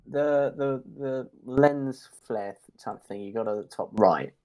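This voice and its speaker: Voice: medium pitch, unhurried, darkish tone. A co-host chatting casually on a stream, encouraging and reassuring with a playful streak.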